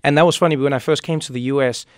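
A man, a comedian and author telling lively stories in a radio interview, often repeating words as he starts a thought. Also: medium pitch, no room sound, clean studio sound. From South Africa. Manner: animated storyteller, quick asides, repeats words when starting thoughts.

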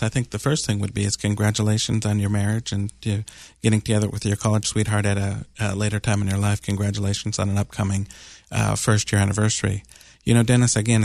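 A man hosting a radio advice show, explaining calmly at length with fillers and restarts. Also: on the low side, gravelly, no room sound, studio quality. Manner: calm, explanatory, rambling with fillers. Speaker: radio advice host, doctor.

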